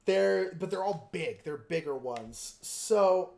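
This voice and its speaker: A high-pitched man with a gravelly, darkish, animated voice talks slowly on his miniature-painting livestream. He wanders from thought to thought with filler words, cracking jokes at his own expense.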